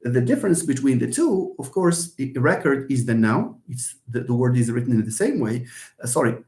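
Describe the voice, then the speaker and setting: A man's voice: medium pitch, sing-song, darkish tone. Man lecturing in an echoey room. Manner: repeats and restarts, many fillers, explains slowly. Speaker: linguistics lecturer. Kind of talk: live online lecture.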